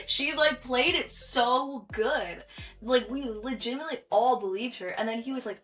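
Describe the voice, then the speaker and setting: A woman's voice: fairly high pitch, normal speed, fairly bright tone, soft background music. A young woman from Michigan chatting through a vlog, giggly and full of fillers as she tells a story. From Michigan, USA. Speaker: vlogger.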